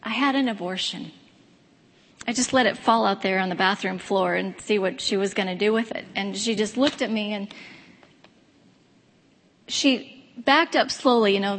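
A woman's voice: on the high side, moderate pace. A woman in her fifties gives a candid, earnest personal testimony speech with wry asides. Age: 50s. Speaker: speaker giving a personal testimony. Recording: long hall reverb.

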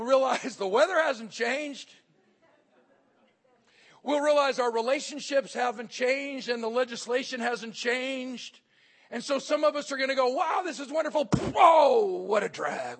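A man's voice: extremely high pitch, a bit bright. A man giving a humorous motivational speech at a hotel conference, telling stories and acting out the voices in them. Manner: comic storytelling, acting out quoted voices. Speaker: motivational speaker.

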